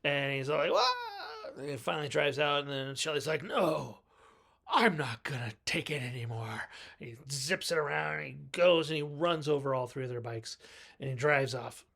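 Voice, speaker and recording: A man's voice: a little high, steady tone, fairly quick, gravelly, fairly bright tone. A man reviewing a film in a casual recap, chatting along and acting out the characters' lines as he goes. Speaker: movie reviewer.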